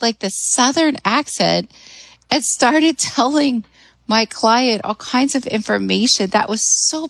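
A woman's voice: on the high side, a bit bright, no echo, low-quality recording. Chatty enthusiastic woman on radio. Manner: enthusiastic, chatty, laughs often. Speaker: hypnotherapist guest. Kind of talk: radio talk show interview.

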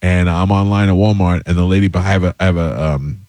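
A man in his fifties telling stories in a casual chat, animated, with exaggerated disbelief. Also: low voice, quick pace, dry recording, studio quality. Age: 50s.

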